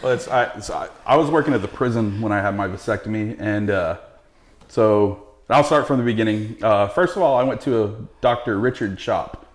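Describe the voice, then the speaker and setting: Joking man in a roomy space. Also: on the low side. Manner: halting, joking storyteller. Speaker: podcast guest. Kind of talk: casual podcast chat. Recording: roomy with faint background noise.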